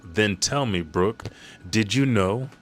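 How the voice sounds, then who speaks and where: A man reading the lines of a cold, composed young princess in his own low voice. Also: expressive, slow, fairly bright tone, heavily acted.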